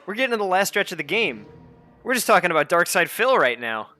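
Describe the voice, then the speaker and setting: A fast-talking man streams a game and chats casually with his viewers, his pitch swinging widely over soft background music. He swears constantly and gets exasperated, erupting into high, shouting rants.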